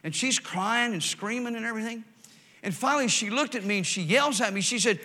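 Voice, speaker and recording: Bright-voiced preacher, folksy. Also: male voice, sits high, expressive. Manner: folksy, storytelling, swings from loud emphatic to quiet and slow. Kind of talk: sermon.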